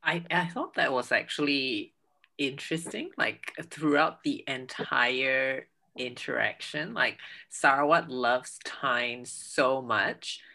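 A co-host talks thoughtfully in a casual chat, laughing now and then. The voice is gravelly, with plenty of fry. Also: mid-range voice, takes it slowly, pushed and bright. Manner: thoughtful, laughs while talking. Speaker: podcast co-host.

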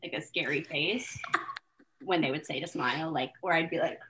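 A woman, guesting on a casual podcast. Her voice sits low, and she rambles through her stories in an animated way, full of restarts and fillers. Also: normal speed.

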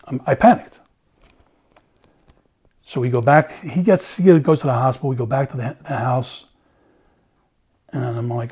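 Middle-aged man, former cop, swearing storyteller; mellow, raspy voice. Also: medium pitch, a little fast, long pauses. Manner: animated, acts out dialogue, swears freely. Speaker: former police officer telling his story. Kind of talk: casual storytelling in conversation.

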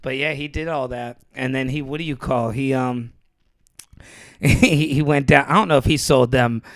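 A man's voice: medium pitch, fairly even intonation, moderate pace, dry recording. A man in casual chat, telling stories and slipping into the voices of the people in them. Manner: storytelling, slipping into quoted voices.

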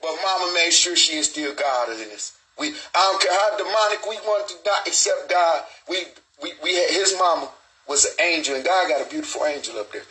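A man's voice: fairly high pitch, brisk, sharp tone, slight background noise, rough recording. A middle-aged man hosting a live online show, talking in a rambling, streetwise way and swearing freely. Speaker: show host. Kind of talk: casual live stream talk.

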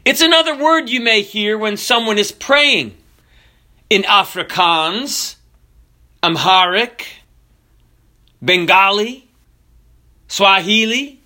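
A man preaching a sermon with jokes and animated storytelling. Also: high-pitched. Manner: animated, jokey storytelling with drawn-out emphasis.

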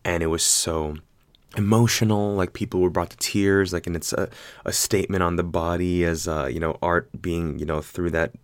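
A deep-voiced man at normal speed, recorded dry, casually retells a story. He rambles, swears freely, and quotes other people in an animated way as he goes.

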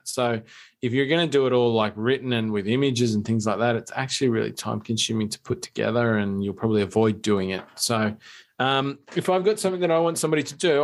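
A man co-hosting a podcast, explaining in a relaxed, conversational way. He keeps checking in with his listener with quick "right?" asides, and his voice sits at an ordinary middle pitch. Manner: conversational, tag questions like "right?". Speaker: podcast co-host. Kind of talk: casual business podcast talk.

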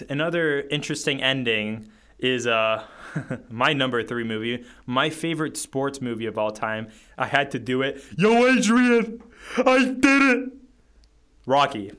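A man's voice: mid-range voice, fairly bright tone, smooth. A young man co-hosting a casual chat, rambling with lots of fillers. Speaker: podcast co-host. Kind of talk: casual movie-list chat.

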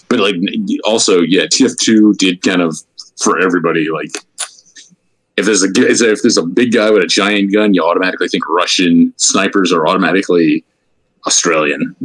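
A man's voice: low voice, normal speed, a bit bright, no room sound, poor audio. A man co-hosting a casual podcast chat, stammering and repeating words as he talks. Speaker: podcast co-host.

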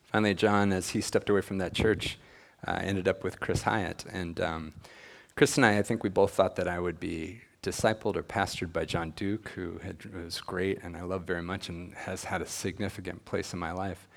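A man's voice: deep voice, steady tone, moderate pace, creaky. A middle-aged man giving an earnest personal testimony, acting out the dialogue he recalls. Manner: earnest storytelling, acts out quoted dialogue. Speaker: speaker at a church gathering.

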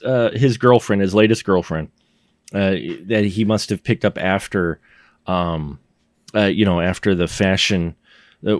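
A man's voice: lowish voice, dry recording. A man co-hosting a podcast in casual movie review chat, rambling and jokey, recorded on a close mic in a dry studio room. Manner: rambling, jokey, acts out scenes with put-on voices. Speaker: podcast co-host.

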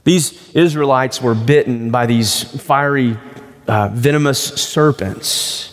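A man's voice: medium pitch, takes it slowly, long reverb tail. A man preaching a sermon as pastor, in a conversational storytelling way.

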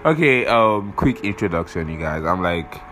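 A man's voice: low-pitched, big pitch swings, moderate pace, fairly bright tone, a little hiss or hum, rough recording. A young man hosting a podcast, rambling casually, swearing often and losing his train of thought while he has a cold. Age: young adult. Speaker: podcast host.

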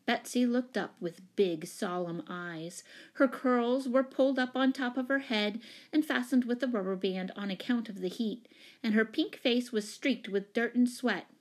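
A woman narrating a children's story in a calm, even reading voice. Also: a little high, measured pace.

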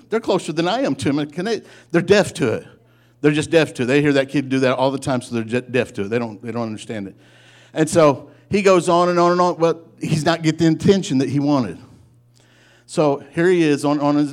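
A man preaching a sermon, telling a folksy story in an animated way and often breaking off to restart his sentences. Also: a little high. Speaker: pastor.

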